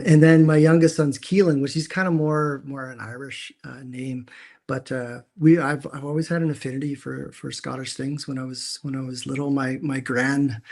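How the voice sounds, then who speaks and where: A man chatting over a video call from his dim room at home, mid-pitched and easygoing. He rambles through his stories and trips over his own words, restarting phrases again and again. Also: creaky. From Canada. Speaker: co-host. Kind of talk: casual chat.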